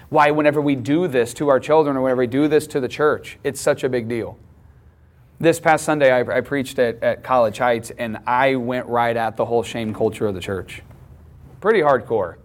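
A middle-aged man preaches in a relaxed, conversational style, talking to his listeners directly. On key phrases he lifts his voice and slows down to press the point. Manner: conversational, emphatic preaching with rising pitch on key lines. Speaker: pastor. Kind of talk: teaching sermon.

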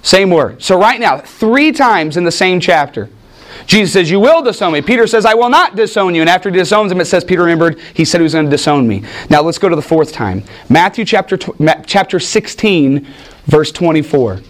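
A man preaching a Bible study in an animated, joking way, asking his listeners questions. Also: high voice, brisk. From United States. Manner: animated, jokey asides, asks the room questions. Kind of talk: teaching sermon with audience questions.

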